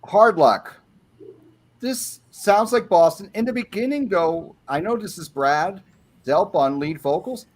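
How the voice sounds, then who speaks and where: Brief: male panelist, slightly higher voice, opinionated album reviewer, casual. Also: expressive, measured pace. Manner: opinionated, track-by-track commentary.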